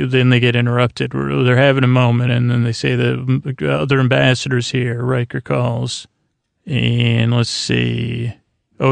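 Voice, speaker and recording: A man hosts a sleep podcast, rambling through a recap with plenty of fillers and restarts. His voice is heavily gravelly and stays almost completely flat in pitch. The sound is close and dry, with no room around it. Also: dry recording. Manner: low-key, drowsy delivery. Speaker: podcast host.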